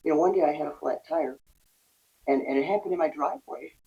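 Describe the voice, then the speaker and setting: A recovery and parenting coach appears as a podcast guest, talking fast in a low, dark voice. She speaks earnestly about parenting and resilience, offering conversational advice and playing out small scenes through quoted dialogue. She's recorded on a distant, dull, lo-fi mic.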